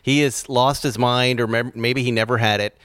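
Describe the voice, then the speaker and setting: A man's voice: medium pitch, steady tone, normal speed, a bit bright, clean tone, dry recording, studio quality. A man hosting a podcast, chatting casually and rambling, often laughing at his own jokes. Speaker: podcast host. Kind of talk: casual chat.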